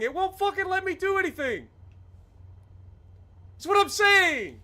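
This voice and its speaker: A man's voice: very high voice, very animated, normal speed, bright, forceful tone. A man streaming a flight game live, ranting angrily and profanely at the game. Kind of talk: live gameplay commentary.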